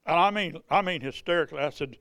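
A man's voice: fairly high pitch, fast, bright, forceful tone, no echo, studio quality. A man telling healing testimonies from the pulpit, folksy and conversational. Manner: folksy, conversational, repeats and restarts. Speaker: revival preacher. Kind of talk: testimony storytelling sermon.

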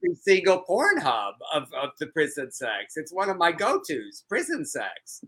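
A man's voice: on the high side, huge pitch swings, normal speed, a bit bright, breathy edge. A man co-hosting a podcast, chatting casually in a rambling, hesitant way with lots of fillers. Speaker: podcast co-host. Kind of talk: casual chat.

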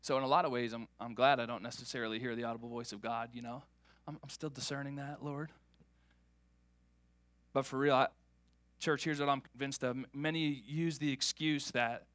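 Male pastor preaching, high bright voice, animated, dry close sound. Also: normal speed, long pauses, no room sound. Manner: animated, repeats words while building. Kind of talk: sermon.

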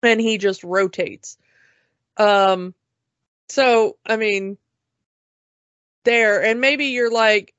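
A woman's voice: medium pitch, steady tone, slow pace, long pauses, a bit bright, no room sound. A woman chatting casually about a movie as a podcast co-host, laughing often and acting out silly quotes. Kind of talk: casual movie review chat. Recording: dull lo-fi dry sound.

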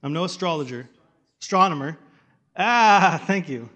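A man preaching a sermon in a conversational way, restarting phrases and dropping to a hush for weight. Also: a little high, expressive, normal speed, dull audio. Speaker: pastor.

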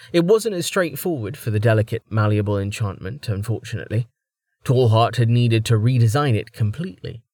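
Man, audiobook narrator, mid-pitched voice, measured storytelling, dry close recording. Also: a little mellow, dry recording. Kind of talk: scripted fantasy narration.

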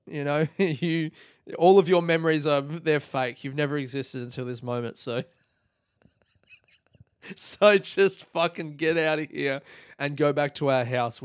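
A man telling a long rambling joke on a podcast, acting out characters with sudden high yelps and swearing. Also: smooth, no echo, studio quality. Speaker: comedian podcast host. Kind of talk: rambling comic storytelling.

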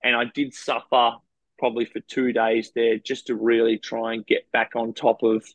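A man's voice: medium pitch, flat delivery, normal speed, no echo, highs cut off. An Australian man, a professional cyclist, frankly recounting race stories in a rambling, casual interview. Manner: rambling, frank anecdotes with quoted dialogue.

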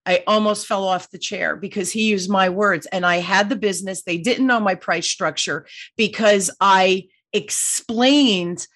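A woman's voice: medium pitch, unhurried, fairly bright tone. A woman, a sales coach, telling a story in conversation, emphatic and full of "right?" asides.

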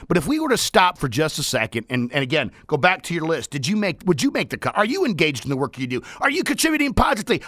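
A man hosts a radio talk show in a high, lively voice that climbs and dips with animated energy. His tone is bright and sharp, and the dry studio sound keeps him close and upfront. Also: dry recording. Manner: animated, shouting, playful asides. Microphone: studio microphone.

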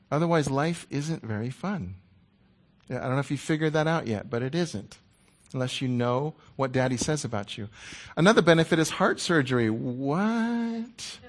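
A middle-aged man preaching a sermon in a conversational, playful way, dropping to a hushed voice when he quotes God. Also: mid-range voice.

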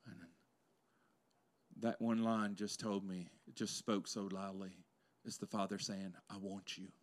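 A man preaching a sermon to a congregation in a church, swinging between loud exclamations and hushed intensity, with playful asides to the crowd. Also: on the low side, little pitch movement, a little slow. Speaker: pastor. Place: church sanctuary before a congregation.

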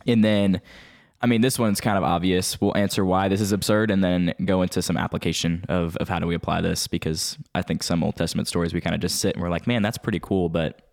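A man's voice: low-pitched, steady tone, quick pace, creaky, few pauses, darkish tone. A man co-hosting a casual podcast chat, playful and laughing often as he introduces the segments. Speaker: podcast co-host.

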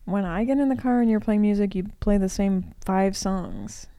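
A woman's voice: mid-range voice, moderate pace, mellow, no room sound. A woman co-hosting a casual podcast chat, dry and teasing in manner. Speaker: podcast co-host.

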